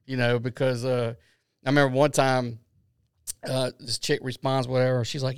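A man's voice: medium pitch, little pitch movement, moderate pace, clean tone, dry recording, studio quality. A middle-aged man on a casual podcast, swearing freely and acting out voices as he tells crude anecdotes. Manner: profane storyteller, acts out voices in anecdotes. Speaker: podcast co-host.

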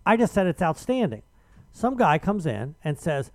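A radio host man tells a heated story in a high, restless voice. His pitch leaps all over as he argues his case. The sound is dry and close. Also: moderate pace, no echo. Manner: animated, argumentative storytelling. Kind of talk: casual chat.

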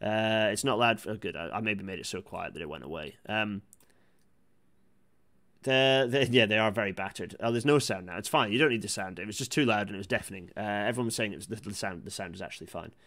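A man hosting a casual livestream. He reads the chat aloud, rambles with many restarts, and breaks into excited outbursts. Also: lowish voice, fast. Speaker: live-stream host reading chat. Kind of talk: casual live-stream commentary.

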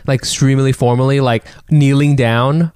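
A man's voice: medium pitch, steady tone, moderate pace, darkish tone, clear, resonant tone, no echo. Man riffing with dry, close sound. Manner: rambling riff with many fillers, laughing. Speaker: comedian riffing. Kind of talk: casual comedic chat.

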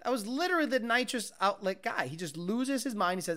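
A man hosting a casual chat stream, telling stories in a rambling, profane, animated way. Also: sits high, fairly quick. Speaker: livestream host.

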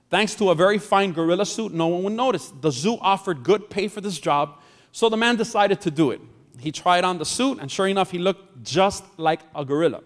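Pastor guy preaching and cracking jokes, kinda high voice, echoey church hall. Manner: jokey, chats with the congregation. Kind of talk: sermon with storytelling. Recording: long hall reverb.

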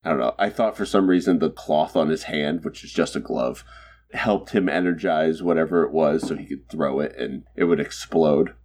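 A man's voice: very deep voice, moderate pace, a little mellow, slight background noise. A man co-hosting a podcast, chatting casually and gushing enthusiastically about favorite moments. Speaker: podcast co-host. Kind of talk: casual chat.

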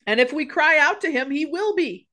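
A woman's voice: sits high, lively intonation, normal speed, sharp tone. A woman co-hosting a casual faith podcast, earnest and encouraging, rambling a little with restarts. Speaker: podcast co-host.

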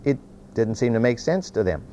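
A man's voice: medium pitch, moderate pace. A man teaches from the Bible in a sermon, retelling the story in his own folksy words. His voice moves widely up and down as he talks, and he often restarts a phrase before carrying on. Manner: animated storytelling with many restarts and folksy asides.

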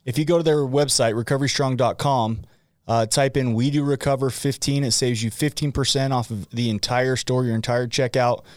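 A man's voice: mid-range voice, steady tone, fairly quick, no room sound. Utah guy on a podcast, joking around, dry close mic. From Utah, USA. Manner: joking, self-deprecating, loose. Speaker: podcast co-host. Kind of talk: casual chat with ad read.

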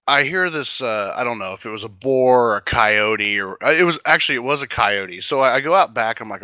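A man's voice: medium pitch, animated, moderate pace, pushed and bright, dry recording, muffled recording. A man casually retelling a roleplay game session, acting out the other characters' lines.

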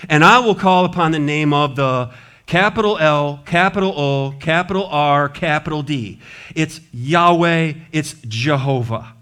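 Man, pastor preaching in church; fairly high voice, lively and humorous delivery. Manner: lively, playful preaching with asides and trash-talk humor; animated, shifting between loud and hushed delivery. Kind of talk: sermon.

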